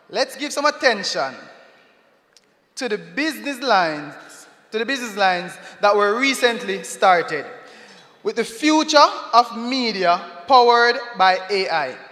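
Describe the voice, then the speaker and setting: High bright Jamaican emcee in a hall. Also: male voice, animated, a little slow. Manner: playful, laughing, switches into patois. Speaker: event emcee. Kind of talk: lively stage emcee and comic poem. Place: large event hall on stage. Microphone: handheld mic. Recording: echoey hall with long reverb.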